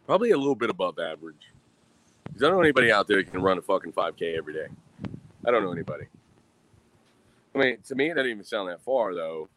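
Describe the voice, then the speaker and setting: A man's voice: low-pitched, very animated, quick pace, pauses often, a bit bright, a little hiss or hum. A man in his thirties talking to himself in a loose, rambling monologue, swearing often and sighing while he drinks beer. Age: 30s. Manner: rambling, swears a lot, sighs.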